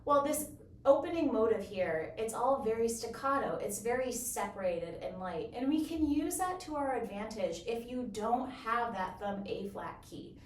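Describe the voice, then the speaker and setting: A woman explaining bassoon technique in a clear, encouraging, step-by-step way. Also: expressive, moderate pace, a little hiss or hum. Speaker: bassoon teacher. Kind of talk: instructional explanation. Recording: roomy echo, from a distance.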